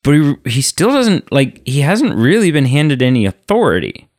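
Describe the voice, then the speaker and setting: A man co-hosting a casual movie podcast, explaining things in a measured way with frequent fillers. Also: medium pitch, huge pitch swings, darkish tone, no echo, clean studio sound. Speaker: podcast co-host. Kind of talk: casual chat.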